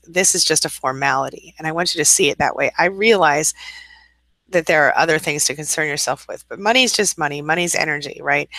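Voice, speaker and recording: A woman's voice: sits low, bright, forceful tone, no room sound, rough recording. A woman hosting a live coaching stream, reading viewer comments aloud and encouraging them in a chatty, affirming way. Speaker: narcissistic abuse recovery coach, host. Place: at home, cat nearby.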